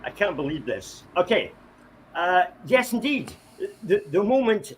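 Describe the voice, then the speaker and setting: A man's voice: sits high, sing-song, normal speed, breathy edge. A man serving as guest host, giving a joking report with a dry delivery. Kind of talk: comic report.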